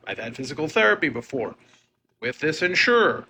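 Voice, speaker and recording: A man tells a story in a casual vlog, with a bright, forward tone. His pitch sits a little high and swings widely. His delivery is upbeat and playful. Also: very animated, a little fast, slight background noise.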